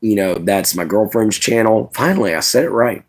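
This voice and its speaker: A man's voice: on the low side, moderate pace. Laid-back man chatting on stream. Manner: laid-back, rambling, says "you know" and "man" a lot. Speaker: live streamer. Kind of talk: casual live stream chat.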